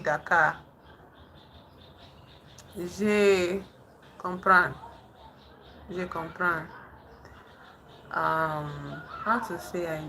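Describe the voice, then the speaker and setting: A woman casually chatting on a livestream with viewers, haltingly trying out French phrases. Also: fairly low pitch, fairly bright tone, slight background noise, rough recording. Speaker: livestream host. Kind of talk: casual live chat with viewers. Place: indoors in the dark at night.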